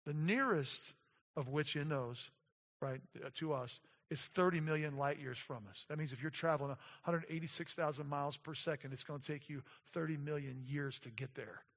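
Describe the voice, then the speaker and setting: A man preaching a sermon as a pastor, moving from quiet explanation to emphatic declarations. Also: a little high, steady tone, moderate pace, long reverb tail.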